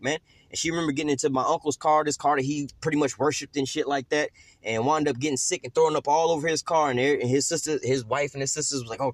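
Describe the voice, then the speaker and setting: Fast-talking slangy male street preacher. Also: a little high, dry recording. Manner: slangy, profane, repeats "you know what I'm saying"; fills pauses with drawn-out "uh". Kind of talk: street-style sermon.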